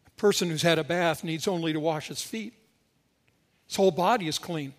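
Man preaching, high voice, emphatic storytelling, echoey church hall. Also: moderate pace. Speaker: pastor. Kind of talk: sermon.

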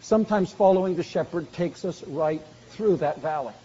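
A man preaching a sermon earnestly, slowing down for emphasis and dropping soft on key phrases. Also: fairly high pitch, husky. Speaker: pastor. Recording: dull lo-fi recording in a reverberant hall.

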